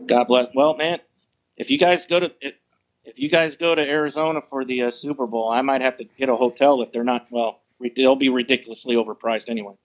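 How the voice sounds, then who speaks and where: A man's voice: medium pitch, fairly even intonation, brisk, muffled recording. A man calling in to a talk show for a casual chat, easygoing and addressing everyone as "man".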